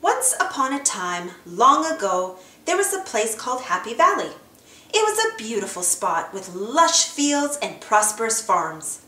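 Woman storybook reader for children; expressive read-aloud, roomy sound. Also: fairly high pitch, measured pace.

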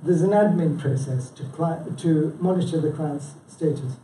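A man's voice: a little high, normal speed, mellow, recorded from a distance, a little hiss or hum. A man chairing a local branch, giving an informal presentation and quizzing the audience, chatty and prone to restarts. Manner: chatty, self-interrupting, with frequent "yeah?" and "you know". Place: meeting room with a live audience. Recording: echoey room, speaker away from the mic.

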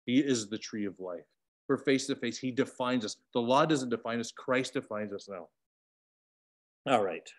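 Over a video call, a man leads an online Bible study with animated energy, alternating between loud, emphatic bursts and quiet asides. His pitch sits in the middle and his pace is moderate.

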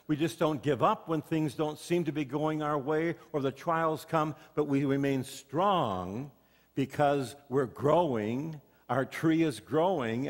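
Folksy pastor preaching in reverberant church. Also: male voice, medium pitch. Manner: folksy storytelling with rhetorical questions. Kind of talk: sermon. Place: church sanctuary. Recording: long hall reverb.

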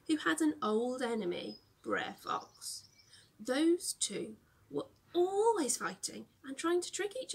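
Gentle young woman teacher reading to children; gravelly, husky voice. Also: a little high.

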